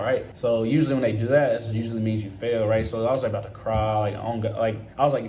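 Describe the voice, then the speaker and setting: A man's voice: fairly low pitch, steady tone, fast talker, few pauses, dark tone. A young man telling a story in a casual, profane way, often tagging his lines with "right?". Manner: profane, frequent "right?" tags. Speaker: vlogger. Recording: roomy echo, faint noise.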